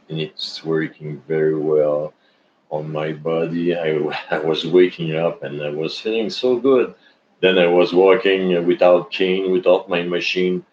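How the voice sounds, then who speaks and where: A man's voice: low voice, darkish tone. A man who is talking casually to his followers. He rambles and halts, with many restarts and fillers. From Canada. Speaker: vlogger. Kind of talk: casual personal chat to followers. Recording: dull lo-fi recording with faint noise.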